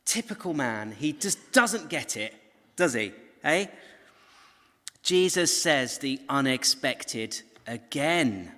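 A man teaches from the Bible in a conversational, storytelling way, often turning to his viewers with asides. His pitch rises and falls a lot, and he keeps an unhurried pace with a bright tone. His voice carries the long reverb of a hall. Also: animated. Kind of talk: recorded Bible teaching talk.

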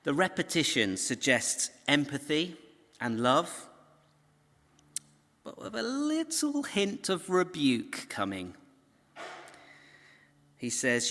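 Animated, slow-talking male Bible teacher. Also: mid-range voice. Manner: conversational, animated storytelling with asides to viewers. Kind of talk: recorded Bible teaching talk. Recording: long hall reverb.

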